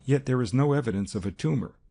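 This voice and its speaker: A composed detective professor, gentle and measured, in a low gravelly voice, as the narrator of the story puts him on. His lines sit a touch higher than the narration, with a dark, husky tone. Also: natural voice. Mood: calm. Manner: measured and reassuring.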